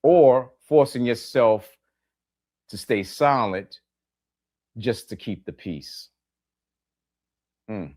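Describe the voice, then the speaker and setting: A middle-aged podcast host with a medium-pitched, darkish voice draws out his words and pauses often. In a plain, reflective monologue, he repeats key phrases and asks his listeners direct questions.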